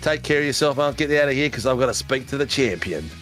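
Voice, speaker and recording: A man's voice: medium pitch, animated, quick pace, fairly bright tone, soft background music. An Australian man hosting post-race interviews on a sim racing broadcast, joking and laughing with matey banter.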